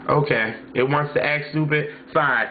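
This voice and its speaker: A man's voice: a little high, fairly even intonation, moderate pace, slight background noise. A man vlogging casually about music, telling stories, imitating his mom and singing snatches of songs. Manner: chatty, storytelling, often mimics his mom and sings snatches. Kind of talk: casual chat. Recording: tinny phone-like sound.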